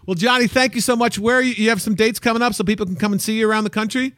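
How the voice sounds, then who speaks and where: A man's voice: sits high, rapid-fire, dry recording. Jokey male podcast host, dry studio. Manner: laughs easily, jokey and relaxed. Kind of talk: casual interview chat.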